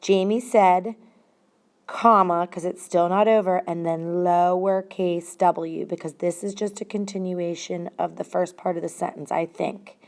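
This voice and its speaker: A woman's voice: lowish voice, flat delivery, unhurried. A woman teacher giving a grammar lesson, explaining step by step and stressing single words.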